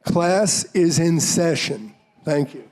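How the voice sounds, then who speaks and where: A man's voice: a little high, slow, heavy background noise. A man hosting a library program, making informal, joking remarks before introducing the speaker. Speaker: program host.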